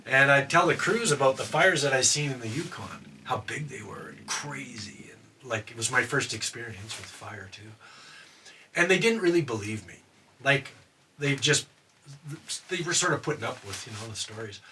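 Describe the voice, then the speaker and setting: A man's voice: mid-range voice, normal speed. An older man from Canada, a former wildland firefighter, casually tells a rambling story with lots of fillers. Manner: rambling, with many fillers and acted quotes. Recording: distant mic with steady background noise.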